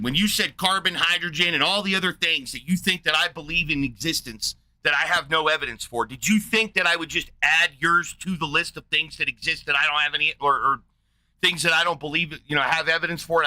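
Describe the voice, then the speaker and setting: This man's voice is a little high, pushed and bright, recorded with no room sound. He's a livestream host in a heated rant, aggressively peppering a chat participant who annoys him with angry, profane questions in rapid succession.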